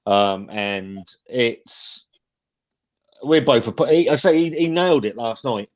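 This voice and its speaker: A man hosting a relaxed livestream, talking bluntly and swearing freely. He rambles, restarting his sentences as he works through his points. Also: medium pitch, slow pace. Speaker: host. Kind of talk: casual livestream beer chat.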